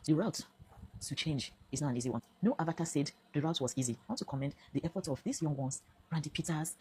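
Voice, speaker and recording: Fast-talking Nigerian woman, low voice. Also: warm tone, a little hiss or hum. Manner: emphatic, earnest, mixes in Pidgin phrases. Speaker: vlogger telling her own story. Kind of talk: personal testimony to camera.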